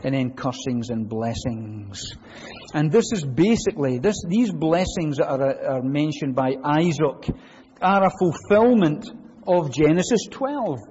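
A man preaching a sermon in a church, animated and full of rhetorical questions. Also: on the high side, unhurried, breathy edge, long reverb tail, highs cut off.

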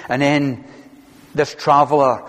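A man's voice: mid-range voice, level tone, slow, fairly bright tone, big-room sound. A male pastor preaching an earnest, conversational sermon to his congregation, often asking rhetorical questions. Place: church sanctuary.

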